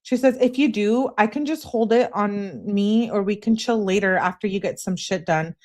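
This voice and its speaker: A woman's voice: mid-range voice, moderate pace. A woman hosting a live stream, reading out text messages and chatting casually with viewers between them. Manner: reads texts aloud in an animated way, chats to live viewers. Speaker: true-crime channel host.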